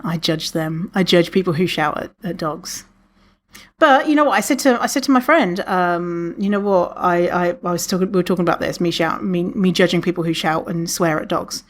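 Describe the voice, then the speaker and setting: A woman hosting a podcast alone, chatting casually, swearing freely and laughing often, with many restarts. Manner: animated, lots of restarts, acts out quotes in a higher voice. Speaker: podcast host. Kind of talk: casual solo podcast talk.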